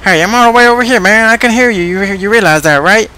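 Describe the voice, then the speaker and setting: A man voicing a whiny plush toy that sulks and complains from across the room in a squeaky voice. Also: fast, pushed and bright. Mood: indignant. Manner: squeaky, petulant, calling from afar. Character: high-pitched whiny plush toy, sulky. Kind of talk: comedic gaming commentary.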